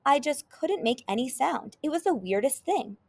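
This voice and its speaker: Woman voicing cheerful male TV host, chatty, lively, storybook reading. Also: sits high, normal speed, no room sound, pitched above the performer's own voice.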